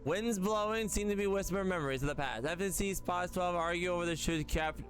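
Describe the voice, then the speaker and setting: A man with a high-pitched voice streams a game and reads its dialogue and narration aloud, often stumbling and correcting himself as he reacts casually. He speaks a little fast, with faint music underneath.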